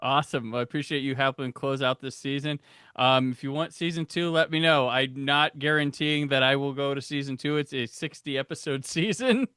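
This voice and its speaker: A man's voice: mid-range voice, a little fast, bright, forceful tone, clean tone, no echo, studio quality. A man hosting a podcast in a casual chat, rambling loosely and laughing often. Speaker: podcast host.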